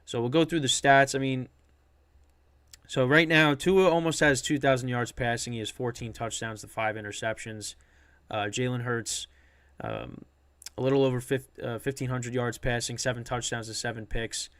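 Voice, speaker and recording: A man's voice: mid-range voice, fairly even intonation, moderate pace, a bit bright, clean tone, no room sound. A man hosting a sports podcast, talking loosely and unscripted with many restarts and fillers. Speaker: podcast host. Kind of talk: casual sports podcast talk.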